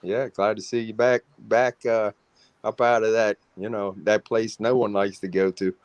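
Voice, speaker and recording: A man's voice: lowish voice, little pitch movement, moderate pace, no room sound. A male guest calling into a casual livestream, laid-back with short replies. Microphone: remote call into the stream.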